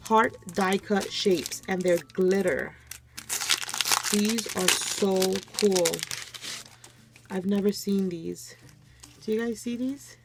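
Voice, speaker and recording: Gushing woman crafter, low on energy. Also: background noise. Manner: gushing, keeps addressing viewers as "you guys". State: low energy, coming down with a cold. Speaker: crafting channel host. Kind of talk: casual show-and-tell unboxing. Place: home craft desk.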